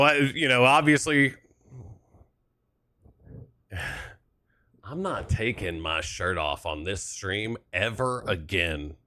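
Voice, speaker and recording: Young guy streamer, joking around, bright voice, lively ups and downs, slow talk, dry sound. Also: medium pitch, dry recording. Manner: jokey, laughs often, thanks viewers. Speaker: flight sim streamer. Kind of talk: casual live-stream chat.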